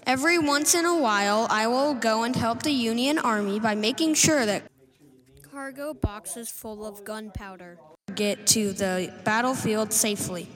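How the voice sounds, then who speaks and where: Woman, higher voice, earnest read-aloud book report, long reverb behind her. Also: a bit bright. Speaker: student giving a book report in character.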